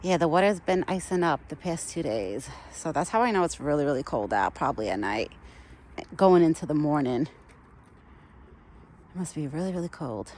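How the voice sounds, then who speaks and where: Feeding a wild deer outside in cold weather, a young vlogger chats and rambles, laughing a lot along the way. Her low-pitched voice has a darkish tone, and she talks with animation at a moderate pace.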